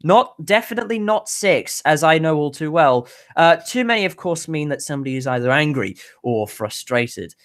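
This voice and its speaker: A woman's voice: low-pitched, normal speed, few pauses. A woman co-hosting a casual motorsport news podcast, bubbly and rambling, often restarting her sentences. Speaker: podcast co-host presenting news.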